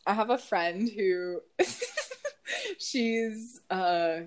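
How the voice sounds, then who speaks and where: A woman's voice: medium pitch, very slow. A woman co-hosting a podcast in casual chat, telling stories animatedly with frequent laughter and swearing. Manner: animated, profane, laughs often. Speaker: podcast co-host.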